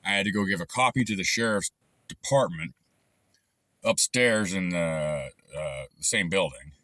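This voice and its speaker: A man's voice: low-pitched, moderate pace, sharp tone, no echo. A man telling a long, frustrated story in a rambling, casual way with lots of fillers and restarts. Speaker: channel host recounting a dispute.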